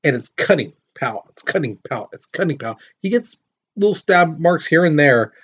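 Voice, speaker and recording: A man's voice: a little high, lively intonation, fairly quick, fairly bright tone, husky, lo-fi sound. A man teaching a history lesson in a casual, storytelling way, acting out quotes and putting questions to his students. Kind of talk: casual classroom lecture.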